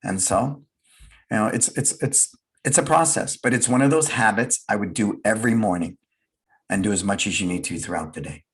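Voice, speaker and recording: Earnest husky man giving a motivational talk. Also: on the low side, normal speed, fairly bright tone. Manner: earnest, emphatic, repeats key phrases. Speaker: guest speaker, business leader.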